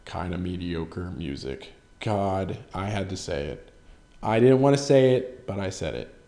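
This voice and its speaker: A man's voice: low-pitched, lively intonation, unhurried, warm tone. A man hosting a solo podcast in casual chat, rambling, swearing freely and joking at his own expense. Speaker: podcast host.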